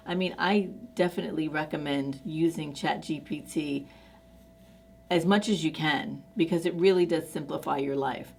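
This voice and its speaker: A woman's voice: deep voice, darkish tone, slight background noise. A woman vlogger chatting casually to camera in an effusive, enthusiastic way, with many fillers.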